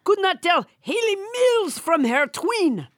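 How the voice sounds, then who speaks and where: A woman voicing a blustering male hand-puppet politician with a put-on French accent, shouting and boastful. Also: extremely high pitch, big pitch swings, slow pace, no room sound, clean studio sound, pitched above the performer's own voice, full character voice. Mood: pompous.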